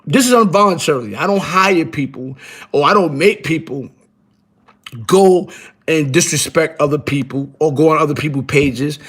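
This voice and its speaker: Appearing as a guest on a live stream, a middle-aged man rambles casually, repeating himself in profane, emphatic street slang and often asking "you heard?" His pitch is fairly high and his tone fairly bright and slightly rough, at normal speed.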